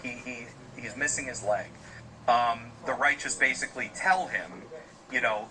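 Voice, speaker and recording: Rambling man telling a dark tale. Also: mid-range voice, expressive, measured pace, crowd noise, low-quality recording. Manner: loose, rambling, frequent fillers. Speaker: podcast host telling a story. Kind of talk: casual spoken storytelling.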